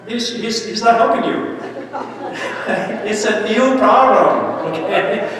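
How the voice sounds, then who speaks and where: A man's voice: high voice, far from the mic. Man preaching in an echoey church. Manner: animated, anecdotal, with asides and laughter. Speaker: priest leading a Lenten mission. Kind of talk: sermon. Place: large church.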